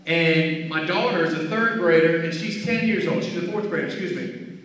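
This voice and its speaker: A man giving an energetic motivational talk to schoolchildren, repeating key phrases and calling for answers. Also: fairly high pitch, moderate pace. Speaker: guest speaker at a school. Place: school hall or gym. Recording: echoey hall picked up from far off.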